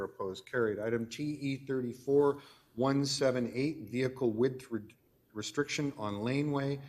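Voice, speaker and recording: A man with a Canadian accent chairing a council meeting, reading agenda items and motions in a brisk, dry procedural way. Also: mid-range voice, darkish tone. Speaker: committee chair.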